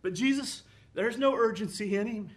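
A man's voice: high-pitched, normal speed. A man preaching a sermon with an impassioned, rising and falling cadence, quoting scripture.

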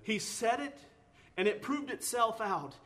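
A man's voice: very high-pitched, expressive, unhurried, a bit bright. A man preaching a sermon, earnest, with rising emphatic bursts, often repeating words and restarting phrases.

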